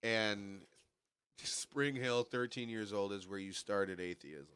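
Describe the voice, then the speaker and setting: Bright, clear-voiced man hosting a podcast. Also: on the low side, slow, no room sound, studio quality. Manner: joking, laughs often, self-deprecating. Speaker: podcast host. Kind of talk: casual conversation.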